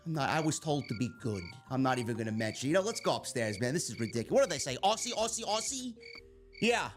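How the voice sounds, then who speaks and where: New York male host, profane comic rant, high lively voice, bright edge. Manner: loud, swearing, mock-annoyed, shouts at times. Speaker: wrestling show reviewer.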